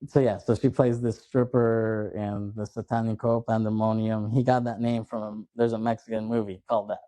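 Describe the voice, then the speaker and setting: A man's voice: fairly low pitch, level tone, normal speed, warm tone, no room sound, rough recording. A man hosting a casual movie podcast, animatedly retelling scenes, acting out lines and laughing often. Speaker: podcast host.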